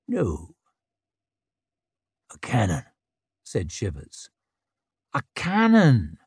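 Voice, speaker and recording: A man narrating a novel in a measured, unhurried way. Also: medium pitch, gravelly, mellow, dry recording, clean studio sound. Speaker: audiobook narrator. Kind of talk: scripted narration.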